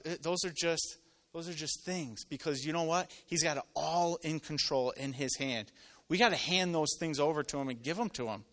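A man preaching a sermon to a live congregation, telling stories and acting out voices, swinging from loud to quiet. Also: a little high. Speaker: pastor. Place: church with live audience.

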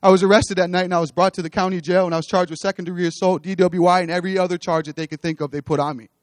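A man's voice: high-pitched, flat delivery, rapid-fire, dry recording, clean studio sound. A man with children giving an earnest testimony sermon on a church stage, repeating his phrases as he builds toward exhortation. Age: adult, with children.

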